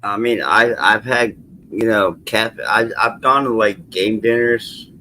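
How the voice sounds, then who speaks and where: A man joining a casual chat, hesitant and halting, with a voice farther from the mic than the host's. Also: on the low side, sharp tone, a little hiss or hum, low-quality recording.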